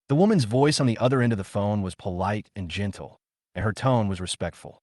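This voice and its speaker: A man narrating a first-person story recap in a calm, steady storytelling manner. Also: on the low side, a little fast, no room sound, studio quality.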